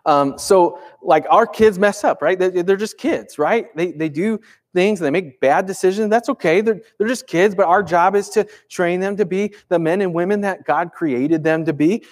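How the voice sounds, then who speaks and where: A man's voice: high voice, moderate pace. A man in his thirties preaching a sermon in a conversational way, asking the congregation rhetorical questions. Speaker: pastor.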